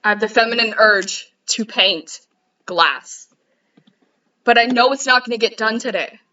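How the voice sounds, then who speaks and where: A woman's voice: fairly high pitch, measured pace, sharp tone, recorded from a distance, muffled recording. A young woman streamer chatting casually, rambling and giggling at herself. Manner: giggly, rambling, self-mocking. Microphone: headset.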